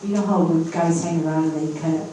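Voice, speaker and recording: A woman's voice: low-pitched, steady tone, quick pace, mellow. A woman in her fifties, a spiritual medium, giving an emphatic, encouraging workshop talk to a live audience and often checking in with the crowd. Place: event room at a hotel. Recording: echoey room, distant, faint hiss.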